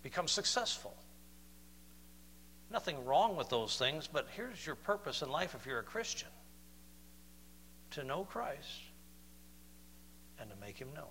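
A man preaching a sermon in a fairly high, bright voice. He moves between loud, emphatic declarations and quiet, slowed-down questions to the congregation. His voice rings with the long reverb of a large hall. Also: sing-song, a little hiss or hum. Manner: swings from loud emphatic declarations to soft slow intimate questions.

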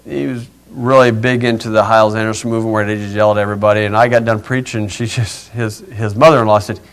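A man's voice: on the low side, steady tone, quick pace, smooth. A male pastor giving an informal, folksy Bible lesson, chuckling and wandering into asides.

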